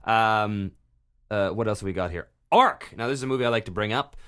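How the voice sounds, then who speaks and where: A man hosting a casual podcast interview, relaxed and teasing as he asks his guest questions. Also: lowish voice, fairly quick, clear, resonant tone. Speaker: podcast host.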